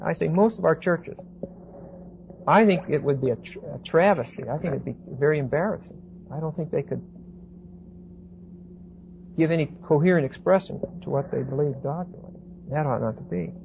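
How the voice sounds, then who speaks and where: A man giving a Bible class lecture, reading verses slowly with emphasis and then explaining them in casual asides. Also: a little high, vocal fry. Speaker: Bible teacher. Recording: dull lo-fi recording with faint hiss.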